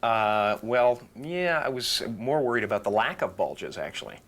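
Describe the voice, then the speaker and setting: A man being interviewed as an actor guest, answering with deadpan jokes and bursting into silly voices. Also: medium pitch, moderate pace.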